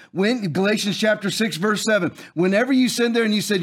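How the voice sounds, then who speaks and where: Male host in his forties, high voice, preachy and forceful, repeats lines for emphasis. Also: brisk, few pauses. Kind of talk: fiery political commentary with scripture.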